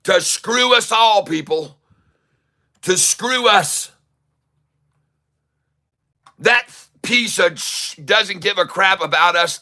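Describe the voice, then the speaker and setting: Furious, bright-voiced man ranting about stocks. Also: high-pitched. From Ireland. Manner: furious, profane, repeating himself, shouting at times. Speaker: stock market video host. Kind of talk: angry ranting market commentary. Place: Dublin, Ireland.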